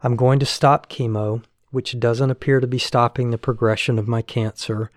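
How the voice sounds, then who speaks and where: A man reading a first-person personal diary aloud in a frank, measured way, with flashes of exasperation. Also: medium pitch, level tone, no echo, studio quality.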